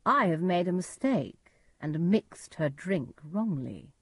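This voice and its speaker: A woman reading a storybook voices a sly, scheming princess who speaks slowly. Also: on the low side, sing-song, breathy edge, dry recording, studio quality, exaggerated voice.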